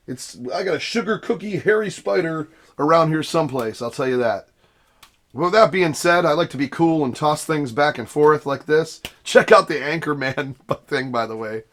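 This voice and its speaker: A man's voice: fairly high pitch, normal speed, a bit bright. A man hosting his gaming vlog, rambling casually from his home setup, interrupting himself and laughing often. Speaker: gaming channel host. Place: home basement studio room. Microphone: desk camera setup.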